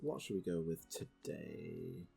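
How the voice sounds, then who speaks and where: A man's voice: low-pitched, lively intonation, slow, gravelly, mellow, breathy edge, soft background music. A man narrating a tabletop game as game master, in a casual, chatty way with many fillers.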